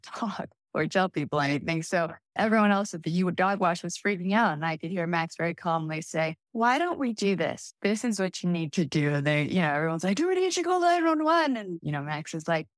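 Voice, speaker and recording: Woman guest, relaxed anecdotal delivery, dry close recording. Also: deep voice, dry recording. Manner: anecdotal storytelling, relaxed and candid. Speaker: guest author. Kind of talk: casual interview chat.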